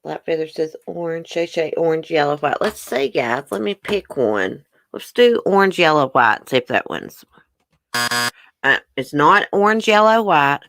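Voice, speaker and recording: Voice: mid-range voice, expressive, a little slow, creaky, a bit bright, no room sound, clean studio sound. A livestream host in a casual trivia chat, reading questions aloud and answering viewers' guesses while chewing on a snack. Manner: talks while chewing a brownie.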